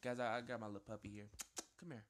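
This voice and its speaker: A man giving live gameplay commentary at home, rambling and self-interrupting, jumping to squeaky panicked yelps and whiny pleading. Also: little pitch movement, fast. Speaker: gaming video host. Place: at home with a small dog.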